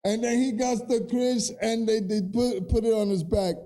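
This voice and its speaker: A young adult man co-hosting a podcast in relaxed, rambling casual chat. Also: high-pitched, normal speed. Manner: laid-back, rambling with fillers. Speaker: podcast co-host.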